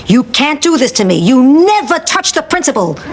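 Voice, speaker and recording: A woman's voice: high-pitched, very animated, moderate pace, faint music behind. An actress in her eighties playing a feisty, stingy old mother in a sitcom, with a dry, cutting delivery. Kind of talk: sitcom acting. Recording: noisy TV audio with studio audience laughter.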